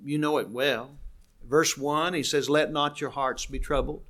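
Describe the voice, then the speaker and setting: An older man preaching a sermon, earnest and slowing down to stress key words. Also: on the high side, steady tone, fairly bright tone.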